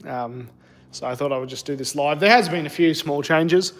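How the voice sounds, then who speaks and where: A man's voice: a little high, normal speed. Chatty Australian man in a shed. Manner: chatty, self-deprecating, greets viewers. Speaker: car channel host. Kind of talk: casual live stream chat. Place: cold home shed.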